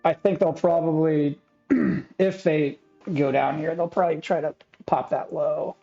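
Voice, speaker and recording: A laid-back man from Texas talks in a gravelly, mellow voice, chatting casually on a live stream and clearing his throat now and then. The audio is a little dull and lo-fi, with faint music underneath. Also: on the high side, fairly even intonation, a little slow. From Texas, United States. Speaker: stream regular and chat moderator.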